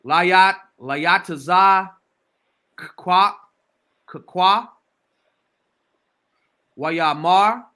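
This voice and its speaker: Guy reading scripture real slow, sounding out every word bit by bit, kinda high bright voice. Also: smooth. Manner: halting, sounds out words syllable by syllable. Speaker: reader.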